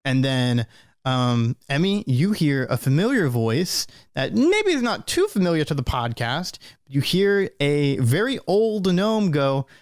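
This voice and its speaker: A man narrating as game master in a relaxed way, with many fillers. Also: fairly high pitch, a little slow, no room sound, studio quality.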